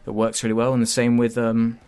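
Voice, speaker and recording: A man's voice: mid-range voice, completely flat delivery, brisk, a little mellow, smooth. A man chatting casually in a game review, hesitant with many fillers and restarts.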